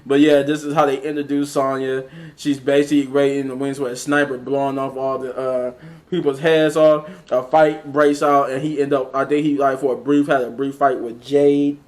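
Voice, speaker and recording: A man's voice: medium pitch, flat delivery, normal speed, darkish tone. A man casually recapping a movie scene by scene, rambling with many fillers and restarts. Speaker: movie reviewer.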